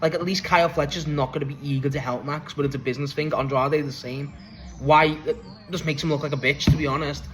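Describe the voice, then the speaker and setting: A young man casually recapping and reviewing a wrestling show, excitable, swearing freely and laughing often. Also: fairly high pitch, fast talker, a little hiss or hum, rough recording.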